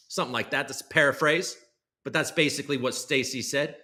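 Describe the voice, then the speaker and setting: A young man hosting a casual livestream, rambling and sarcastic, jumping from loud bursts to low muttered asides. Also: fast talker. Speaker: host.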